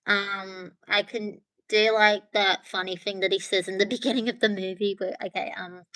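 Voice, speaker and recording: A woman's voice: medium pitch, little pitch movement, moderate pace, fairly bright tone, no room sound. A woman hosting a casual livestream, chatting with viewers from her phone in a rambling way. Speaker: livestream host.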